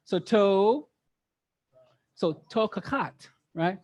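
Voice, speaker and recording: Man, high-pitched, interactive scripture teacher who keeps quizzing the room. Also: drawn-out words, highs cut off. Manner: lively, quizzes the group, repeats words for emphasis. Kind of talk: interactive Bible study teaching.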